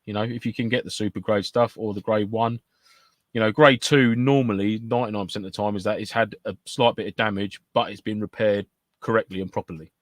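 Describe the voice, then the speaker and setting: Fast-talking British man, low voice. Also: fairly even intonation, dry recording. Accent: British English. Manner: rapid, chatty, full of "you know" and repeats. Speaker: podcast co-host. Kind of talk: casual chat.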